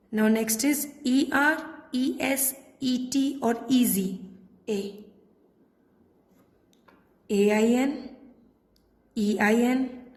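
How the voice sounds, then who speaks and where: Lady teaching french, slow and patient, bit high voice. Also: darkish tone. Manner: patient, repeats letters and words slowly. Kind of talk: classroom lesson. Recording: echoey room with long reverb.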